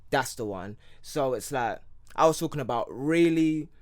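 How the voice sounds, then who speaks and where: A man's voice: mid-range voice, expressive, moderate pace. A young man with an English accent, of Nigerian heritage, chatting casually as a podcast co-host and rambling with many fillers. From Nigeria (Yoruba heritage). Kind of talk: casual chat.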